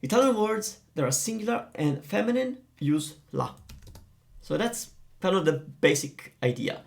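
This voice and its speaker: A man teaching Italian grammar, explaining in a lively, playful way. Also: sits high, measured pace, creaky.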